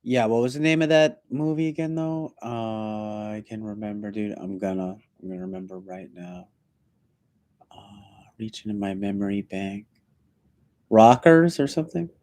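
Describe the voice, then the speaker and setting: A man's voice: lowish voice, moderate pace, a little mellow. A man from the United States streaming, chatting casually with rambling, laid-back, mumbled asides.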